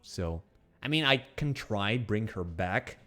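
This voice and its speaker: A man with a Russian accent, speaking English as a second language and co-hosting a casual chat, meandering and halting as he explains things. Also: lowish voice, animated, sharp tone. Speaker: podcast co-host.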